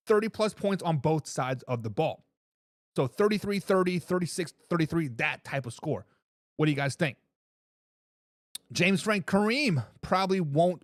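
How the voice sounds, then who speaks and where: A man hosts a sports talk live stream, reading out viewer comments and ribbing the people who sent them. His voice sits high and swings widely in pitch, keeping him excitable and animated. The sound is close and dry, with no room around it. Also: no echo. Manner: excitable, laughs and repeats himself, teases commenters. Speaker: sports talk show host.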